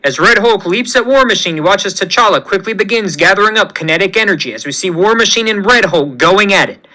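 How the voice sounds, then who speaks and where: A man's voice: sits high, animated, brisk, pushed and bright, low-quality recording. A man narrating a fan-made superhero story in a plain storytelling voice. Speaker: fan-fiction reader.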